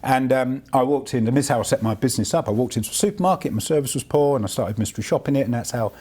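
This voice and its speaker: Husky man telling fast stories. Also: medium pitch. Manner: animated anecdotes, bursts of laughter. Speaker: guest speaker. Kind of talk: storytelling on stage.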